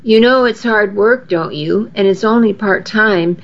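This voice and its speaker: A woman's voice: medium pitch, measured pace, lightly acted. A woman voicing a frank but kindly middle-aged male restaurant manager in a storybook reading, on a dull lo-fi recording. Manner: matter-of-fact, apologetic.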